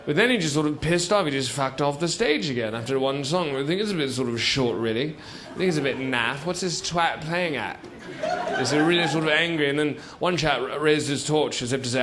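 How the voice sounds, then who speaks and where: A stand-up comedian on a theater stage performs a comic character monologue as a rambling old British chap, padding every line with "you see" and "sort of." His voice is medium-pitched at a moderate pace, and the noisy live recording picks up crowd noise.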